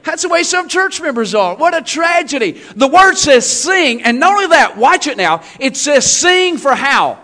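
A man preaching in church with a very high, bright, ringing voice. He delivers his sermon in a folksy, animated way, with joking asides and sudden shouted emphasis. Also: normal speed, hardly any pauses.

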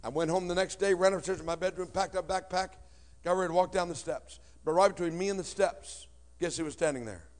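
A man telling his life story with comic timing and sudden shouted outbursts in a church. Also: high voice, fast. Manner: animated, punchy delivery with bursts of shouting.

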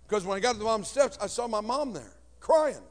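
A man telling his life story with comic timing and sudden shouted outbursts in a church. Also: high voice, quick pace. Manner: animated, punchy delivery with bursts of shouting.

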